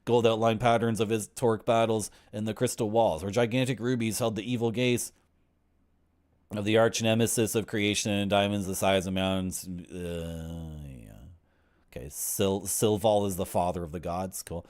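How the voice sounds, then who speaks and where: A man's voice: on the low side, fairly even intonation, moderate pace, darkish tone. A man in his forties who streams games, reading the story text aloud and breaking off for wry, griping asides. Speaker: game streamer.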